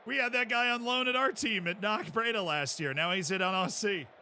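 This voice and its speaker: A man streaming a football management game, chatting and excitedly calling the plays as they happen. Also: high voice, brisk, a little hiss or hum. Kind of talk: live game commentary.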